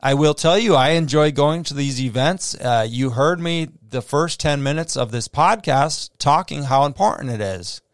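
A man's voice: a little high, normal speed, few pauses, no echo, studio quality. Rambling Midwestern man hosting a podcast. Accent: American Midwest. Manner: rambling, many fillers and restarts. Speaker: podcast host. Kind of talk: casual solo podcast monologue. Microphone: close podcast mic.

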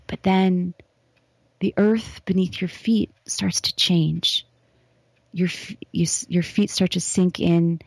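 A woman speaking as an interview guest, leading a slow, soft guided visualization with some words whispered, then talking casually. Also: on the low side, vocal fry, dry recording.

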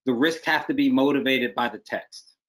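Guy casting director on a video call, blunt and emphatic, middle pitch. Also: moderate pace. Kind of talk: advice in a video-call interview.

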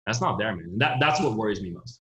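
Man, lowish voice, rambling casual talker, echoey muffled room. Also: expressive, fast talker, fairly bright tone. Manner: rambling, many fillers and restarts. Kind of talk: casual political talk. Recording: roomy, dull lo-fi sound.

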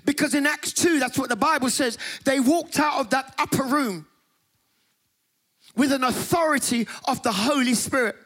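A man preaching a Pentecostal-style sermon to a conference audience, impassioned, sometimes shouting and half-singing his phrases. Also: very high voice, moderate pace. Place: conference hall.

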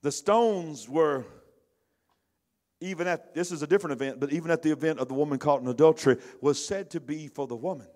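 A middle-aged pastor, preaching in a conversational style that swings between loud bursts and hushed asides. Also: male voice, a little high, a little fast. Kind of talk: sermon.

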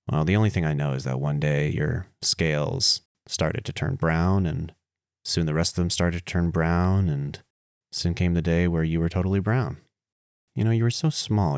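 A man with a very low voice delivers a casual spoken eulogy, playful and wandering, with self-mocking asides. He jumps from excited outbursts to soft murmurs. The recording is close and dry, with no room sound. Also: creaky, no echo. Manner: swings between animated outbursts and quiet, low murmurs. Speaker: podcast host.

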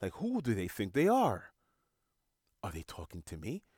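A man's voice: lowish voice, huge pitch swings, normal speed, darkish tone, husky, no echo, clean studio sound, exaggerated voice. A man voicing his own pompous, indignant ego as a haughty, affected male figure.

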